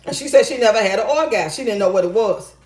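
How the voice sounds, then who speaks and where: A woman's voice: medium pitch, animated, fast, darkish tone. A middle-aged woman hosting a casual advice show, reading viewer comments and telling stories bluntly and profanely, often laughing. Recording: roomy echo.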